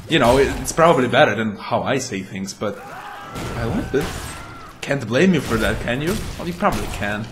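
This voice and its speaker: A man's voice: medium pitch, lively intonation, a little fast, music in the background. Rambling, jokey man commenting on gameplay. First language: not English. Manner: rambling, jokey, self-mocking, repeats game lines. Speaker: let's play host.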